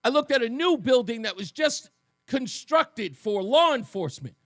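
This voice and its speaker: A man in his fifties hosting a talk radio show, telling a personal story with animated delivery and sarcastic asides. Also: very high voice, normal speed, no echo. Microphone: studio microphone.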